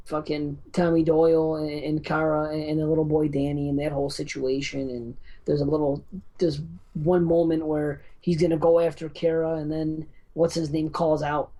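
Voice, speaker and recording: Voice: medium pitch, level tone, a little fast, dark tone. A podcast co-host retelling a film's ending in casual chat, rambling and swearing freely. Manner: profane, rambling storyteller. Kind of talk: casual film review chat.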